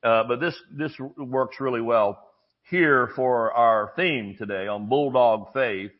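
A man's voice: mid-range voice, takes it slowly. A man preaching a sermon, telling stories with acted-out voices and jokes. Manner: storytelling preacher, animated, acts out voices and jokes. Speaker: pastor. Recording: dull lo-fi sermon audio.

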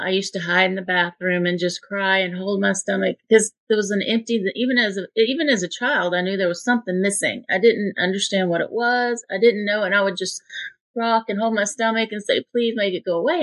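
A woman's voice: medium pitch, gravelly, fairly bright tone. Earnest woman sharing a testimony. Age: 50s. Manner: earnest, heartfelt storytelling. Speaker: guest. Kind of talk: personal testimony in an interview.

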